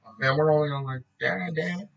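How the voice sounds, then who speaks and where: A man's voice: fairly high pitch, brisk, gravelly, fairly bright tone, muffled recording. A man reading a book aloud in a casual way, often breaking off to joke, swear and laugh.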